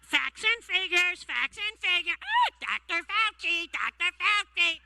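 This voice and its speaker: A shrill cockatoo. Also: male voice, animated, a little slow, vocal fry, pushed and bright, exaggerated voice. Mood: squawking. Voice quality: screechy, squawking. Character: squawking shrill cockatoo mimic, male, mocking. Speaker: stand-up comedian. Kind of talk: stand-up bit. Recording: noisy clip played from afar.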